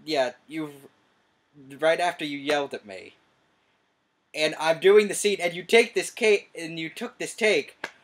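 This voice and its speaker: A young man chats in a casual commentary, his voice sitting a little high. He tells stories in a dry, understated way and lands his jokes deadpan. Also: a little slow. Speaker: co-host, son.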